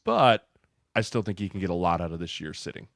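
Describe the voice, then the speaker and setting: A man with a lowish voice reasons through a point calmly and at length on a podcast. His delivery is measured, sprinkled with casual slang. The mic is close and dry. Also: creaky, dry recording. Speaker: podcast co-host.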